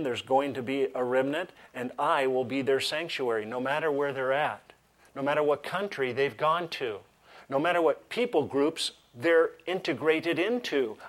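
A male pastor preaching a sermon, reading scripture aloud with emphasis and breaking off for joking asides. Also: mid-range voice. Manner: animated preaching with humorous asides.

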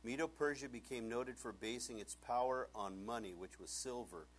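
A man's voice: mid-range voice, moderate pace, slight background noise. An older man preaching a sermon as pastor, telling stories with humor and acting out the characters. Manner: animated storytelling, acts out characters, humorous.

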